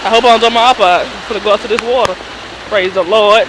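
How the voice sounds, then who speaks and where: A young woman vlogging outdoors in a rainstorm on a handheld camera, excitable and laughing, with bursts of loud exclamations. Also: mid-range voice, fast talker. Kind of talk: casual handheld vlog. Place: outdoors in a rainstorm, later in a car. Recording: heavy rain noise behind.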